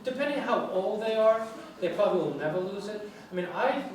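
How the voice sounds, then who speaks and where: An older man with a New York accent, a guest lecturer answering student questions in a relaxed, rambling way with fillers and restarts. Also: sits high, a little fast. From New York City. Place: large lecture room. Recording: echoey room, far mic, faint noise.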